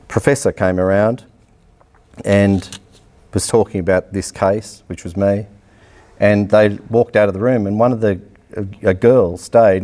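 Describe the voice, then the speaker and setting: A middle-aged Australian man gives a coaching lecture, telling his story in a blunt, lively way. His voice sits fairly low and sounds dark and mellow. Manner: blunt, animated storytelling with acted-out dialogue and laughter. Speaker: athletics coach. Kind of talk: public lecture, personal story.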